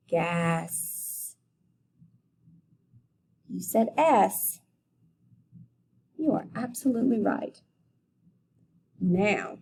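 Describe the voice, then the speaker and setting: A woman teaching a phonics lesson to young children, deliberately sounding out letters and syllables. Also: mid-range voice, warm tone, a little hiss or hum. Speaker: elementary school teacher.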